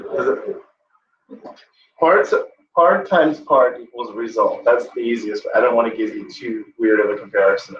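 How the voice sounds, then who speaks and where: A tutor gives a relaxed, conversational classroom lecture, frequently checking in with the class. His voice is medium-pitched, and the recording comes from a distant, muffled mic in an echoey room with slight hiss or hum.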